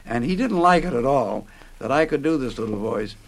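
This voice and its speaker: Brief: older man, gravelly and measured, recalling his radio days as interview guest. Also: medium pitch, lively intonation. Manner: reminiscing, measured.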